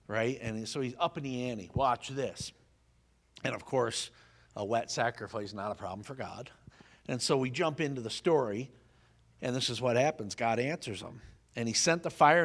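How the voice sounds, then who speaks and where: A man preaching a sermon, telling a Bible story with lively, folksy humor and questions for the congregation. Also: medium pitch, moderate pace. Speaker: pastor.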